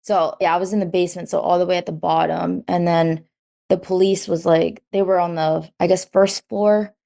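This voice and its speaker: A young woman telling her own story as an interview guest, filling her talk with "like" and acting out quotes in lively bursts. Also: on the low side, normal speed, gravelly. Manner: says "like" constantly, quotes herself and others in lively bursts.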